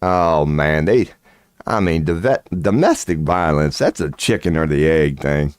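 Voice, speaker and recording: A man with a very low voice rambles through a crude, swaggering monologue. He swears constantly and breaks into laughter between phrases. The recording is close and dry, with no room sound. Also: animated, a little slow, clean tone, dry recording. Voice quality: crude, swaggering, profanity-laced talk. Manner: laughs often mid-sentence. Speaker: channel host.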